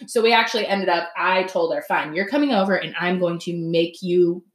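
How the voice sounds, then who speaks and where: A woman's voice: fairly low pitch, a little fast. Chatty woman podcaster in an echoey room. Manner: chatty, animated, acts out quoted friends. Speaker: podcast host. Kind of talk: casual solo podcast talk. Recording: roomy echo.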